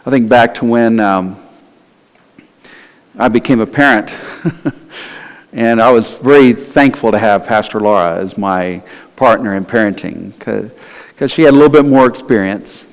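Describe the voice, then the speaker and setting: A man's voice: fairly low pitch, a little slow, pauses often. A male pastor giving a conversational sermon in a church, sometimes acting out quoted voices. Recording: long hall reverb.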